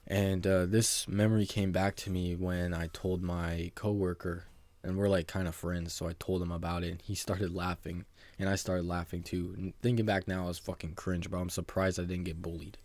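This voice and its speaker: Deep-voiced young man rambling a storytime. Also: little pitch movement, normal speed, darkish tone, no echo. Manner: rambling, heavy use of "like" and "bro", self-mocking. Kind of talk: casual storytime monologue.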